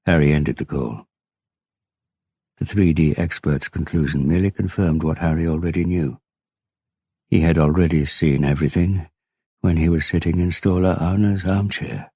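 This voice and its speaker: Audiobook: man narrator, extremely deep, gravelly, husky, dry close mic. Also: moderate pace, long pauses, mellow, no echo. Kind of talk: scripted narration.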